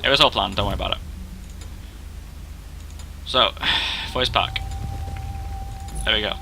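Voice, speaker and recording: Bright-voiced young man casually narrating gameplay. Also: on the low side, measured pace, vocal fry, slight background noise, rough recording. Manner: chatty, self-deprecating, rambling. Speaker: gaming video host.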